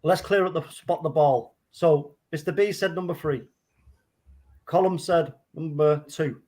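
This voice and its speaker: A man's voice: on the high side, a little slow, mellow. A man co-hosting a casual chat, laughing often and joking in slang. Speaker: co-host.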